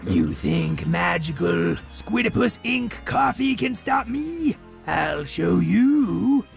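A man voicing a boastful, muscle-proud male detective who shouts and brags in a gravelly voice. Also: high-pitched, wildly swooping pitch, takes it slowly, soft background music, exaggerated voice. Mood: disgusted.

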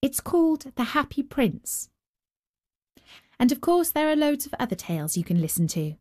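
A woman hosting a storytelling show, reading a children's story in a slow, expressive narration. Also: high voice. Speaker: storyteller host. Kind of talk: scripted narration.

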